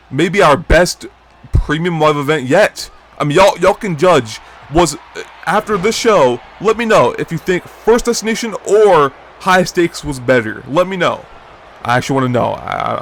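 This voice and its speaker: A young man is calling the action in a video game wrestling league, full of excitement. He shouts high at the biggest moves and talks with his viewers between them, with a little hiss or hum audible.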